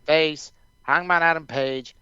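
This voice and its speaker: A man's voice: fairly high pitch, steady tone, slow, pushed and bright, clear, resonant tone, dry recording, dull audio. A man co-hosting a casual wrestling podcast, making short, pointed points. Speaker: podcast co-host.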